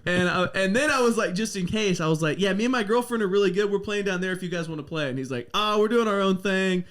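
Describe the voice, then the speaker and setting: Man, fairly high voice, casual podcast host, rambling storyteller, lots of fillers. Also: quick pace, a bit bright.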